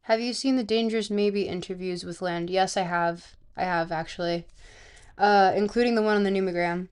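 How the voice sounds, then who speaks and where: A woman streamer chatting casually in a dry, blunt, teasing way. Her voice is smooth and clear. It sits at a middle pitch. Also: steady tone, moderate pace, darkish tone. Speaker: streamer and host.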